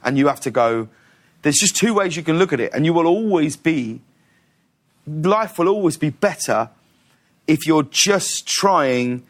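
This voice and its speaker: A middle-aged man chats as an interview guest, swinging between laughter and hushed, earnest telling. His voice sits a bit high for a man, and his stories move quickly. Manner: animated, laughing storyteller. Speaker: talk show host, guest. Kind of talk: casual interview storytelling.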